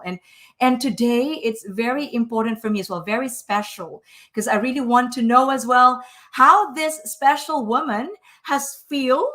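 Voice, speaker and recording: A woman's voice: mid-range voice, fairly bright tone. A woman, hosting a live online show in an effusive, emotional way with many fillers. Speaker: host.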